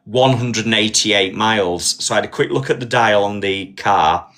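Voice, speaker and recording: Bright-voiced man telling a story. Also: on the low side, normal speed. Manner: animated storyteller, acts out voices in quotes. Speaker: live stream host. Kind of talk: casual chat, storytelling. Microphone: phone on live stream.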